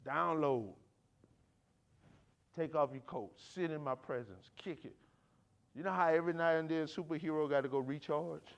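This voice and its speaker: A man preaching a sermon with fervent, drawn-out emphasis. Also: fairly high pitch, lo-fi sound.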